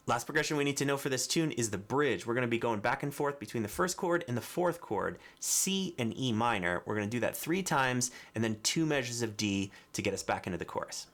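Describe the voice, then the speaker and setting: A man teaching a ukulele tutorial, giving clear, patient step-by-step instructions and counting beats aloud. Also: medium pitch, animated, a little fast, hardly any pauses, music in the background. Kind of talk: music tutorial, counting and singing along. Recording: ukulele playing behind the voice. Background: ukulele strumming.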